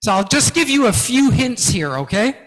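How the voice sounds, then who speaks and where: Man lecturing, high voice, unhurried, big reverberant hall. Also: big pitch swings, fairly bright tone. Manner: slow, emphatic teaching with frequent "okay?" checks. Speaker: guest lecturer. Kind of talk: lecture to academics.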